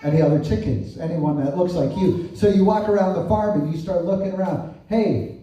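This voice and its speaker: A man's voice: high-pitched, brisk, dark tone. A man preaching a sermon in a conversational way, asking rhetorical questions and often adding "right?". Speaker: pastor. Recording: echoey distant room sound.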